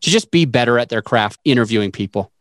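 A man's voice: mid-range voice, expressive, fast talker, dry recording, clean studio sound. A man hosting a podcast interview, asking questions in an enthusiastic, effusive way. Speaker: podcast host. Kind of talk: casual interview talk.

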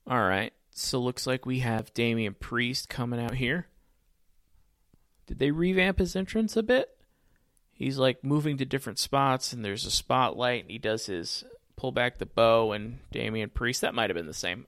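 Man, casual wrestling commentary, chatty, talks to viewers, smooth resonant voice, dry sound. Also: mid-range voice, normal speed, hardly any pauses, a bit bright, no room sound. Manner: chatty, addresses viewers directly. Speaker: wrestling watch-along commentator.

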